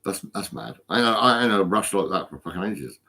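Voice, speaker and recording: A stoned man talks into his phone in a fairly low voice. He rambles, restarts and stumbles over his words, swearing in nearly every sentence. It is a loose, unscripted vlog. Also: animated, brisk, bright, forceful tone, breathy edge. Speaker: vlogger.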